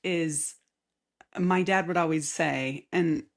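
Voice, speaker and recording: A woman hosting a casual solo podcast with a light Southern accent, chatty and rambling, often laughing and dropping into soft asides. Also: deep voice, steady tone, slow pace. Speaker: podcast host. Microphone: camera mic facing the speaker.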